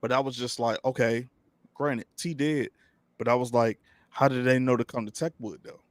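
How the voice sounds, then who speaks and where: A man, co-hosting a casual recap. He retells scenes animatedly and acts out his own reactions. His voice sits at a middle pitch and sounds dry and close. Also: steady tone, moderate pace, no echo. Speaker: co-host of a TV recap show.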